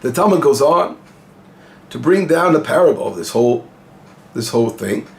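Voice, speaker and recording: A man's voice: mid-range voice, lively intonation, normal speed, gravelly. A male rabbi giving an informal Torah lesson, explaining Hebrew phrases and translating them as he goes, asking questions and answering them himself. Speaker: rabbi teaching the weekly Torah portion.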